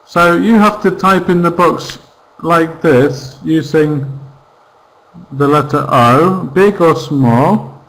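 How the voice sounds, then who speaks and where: A male English teacher leads an online vocabulary lesson. His voice sits a little high, and he speaks slowly and patiently, drilling each word and its stress pattern. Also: a bit bright, rough recording. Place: virtual classroom.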